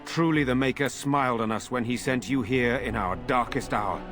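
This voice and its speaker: An actor playing a noble lord who speaks formally to villagers in a video game. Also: male voice, mid-range voice, normal speed, natural voice. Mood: solemn. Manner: formal, stately speech. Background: game music.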